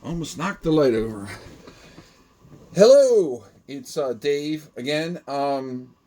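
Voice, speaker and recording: A man's voice: on the high side, expressive, takes it slowly, dark tone. A man talking casually through a do-it-yourself how-to video, rambling and friendly, with many ums and uhs. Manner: rambling, filler-heavy, friendly. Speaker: hobby grower demonstrating gutter parts.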